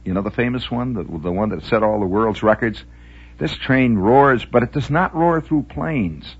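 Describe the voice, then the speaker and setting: A low, husky male voice spins a meandering, folksy tale. He drifts from one aside to the next with mock-grand flourishes. The dull, lo-fi sound suggests an old radio broadcast. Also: animated, normal speed. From American Midwest, Indiana. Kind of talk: rambling monologue storytelling.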